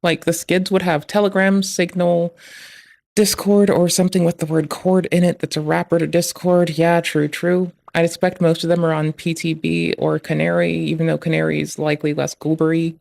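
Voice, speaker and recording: A man's voice: a little high, flat delivery, normal speed, vocal fry, darkish tone, no room sound. A man on a live stream reading through malware code, ranting with sarcastic, profane commentary.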